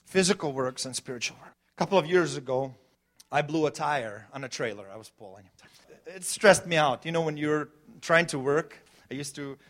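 A middle-aged man preaching a sermon as pastor, swinging between loud emphatic lines and quiet storytelling, laughing between points. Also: on the high side, moderate pace. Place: church.

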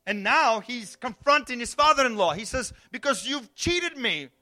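Male pastor, high bright voice, storytelling sermon that dips to a hush and climbs to shouts. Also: lively intonation, normal speed, soft background music. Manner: storytelling, swings from hushed to shouting.

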